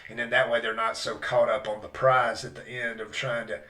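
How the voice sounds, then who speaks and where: A man's voice: mid-range voice, flat delivery, fairly quick, sharp tone, far from the mic. A man hosting a casual podcast chat, joking and steering the discussion toward a wrap-up. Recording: echoey room, voice off-mic.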